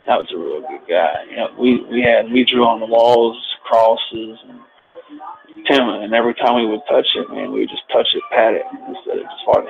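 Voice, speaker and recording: A middle-aged man in rambling, profane casual chat who keeps repeating himself and tacking on "man", and shouts at televised football. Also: lowish voice, gravelly, narrow, tinny audio. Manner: yells excitedly at a football game on TV.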